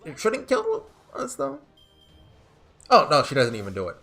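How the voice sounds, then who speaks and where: A man's voice: on the high side, wildly swooping pitch, moderate pace, gravelly, sharp tone, soft background music. A man giving chatty let's-play commentary, thinking aloud as he plays. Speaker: gamer.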